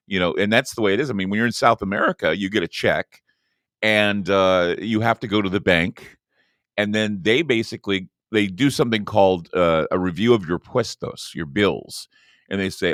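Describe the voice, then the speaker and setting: A man's voice: sits low, normal speed, a bit bright, no echo. A man hosting a talk radio show, talking in a rambling, emphatic way with many restarts, on a close studio microphone.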